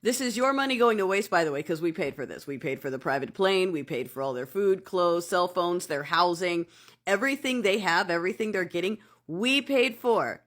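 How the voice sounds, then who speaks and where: A woman's voice: on the low side, animated, normal speed, fairly bright tone. A woman giving casual vlog commentary in a sassy, sarcastic way, calling the viewer darling.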